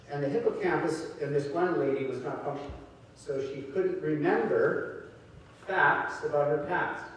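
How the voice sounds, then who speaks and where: A man speaking to an audience in a lecture hall, weaving stories and acting out the people in them, his voice a little high for a man. He is picked up from a distance, with long reverb ringing around the big room and a faint hum of ambience. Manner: storytelling with acted-out voices. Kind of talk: seminar talk to an audience. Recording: echoey hall, distant mic.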